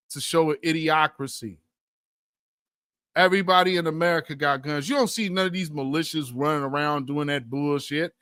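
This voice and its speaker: A man's voice: a little high, moderate pace, pushed and bright, clean tone, no room sound. A man hosting a political commentary stream, mocking and profane, mimicking the people he criticizes. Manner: mocking, profane, mimics opponents in put-on voices. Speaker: host.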